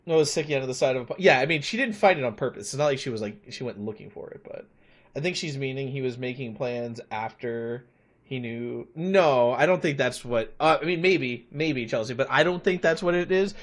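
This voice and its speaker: A man's voice: medium pitch, a little fast. A young man streaming a game live, chatty, thanking viewers and talking through choices. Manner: chatty, reads and thanks chat. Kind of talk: live gameplay commentary.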